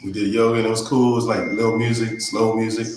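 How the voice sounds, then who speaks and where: A man's voice: lowish voice, quick pace. A man telling a casual story about his path to yoga, acting out the lines of his friends. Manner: animated, acts out quotes. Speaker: guest, yoga teacher. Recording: echoey room, faint noise.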